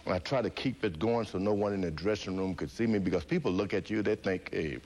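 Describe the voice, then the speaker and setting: A man, an interview guest, telling his life story with animated delivery, acting out voices and laughing often. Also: deep voice, quick pace, slight background noise.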